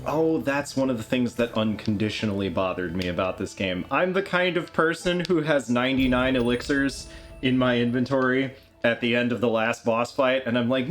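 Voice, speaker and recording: A man's voice: medium pitch, normal speed, soft background music. A man co-commentating a charity game stream, telling self-deprecating stories in casual banter. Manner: animated, self-deprecating storytelling.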